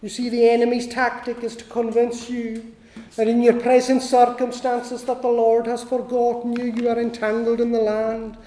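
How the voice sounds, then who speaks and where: Slow steady preacher, flat mellow delivery, repeats lines, big echoey hall with long reverb. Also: mid-range voice. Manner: repeats key lines for emphasis. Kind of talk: sermon.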